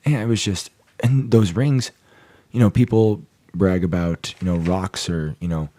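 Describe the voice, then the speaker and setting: Man, podcast co-host, low mellow voice, dry close sound, excitable storyteller with jokey exaggeration. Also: a little slow, no echo. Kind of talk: casual sports podcast chat.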